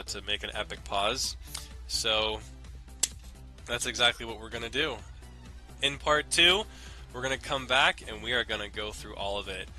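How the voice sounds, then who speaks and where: A young man hosting a let's play comments on his gameplay in a rambling, jokey way and swears often. His voice is lowish with a sharp tone, and faint game music plays in the background.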